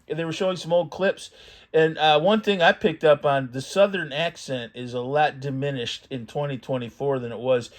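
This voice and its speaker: A middle-aged man hosting his own channel, chatting casually and reminiscing as he pages through an old magazine, rambling and thinking aloud. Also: mid-range voice. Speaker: vintage magazine collector channel host. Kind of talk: casual commentary while reading a magazine aloud.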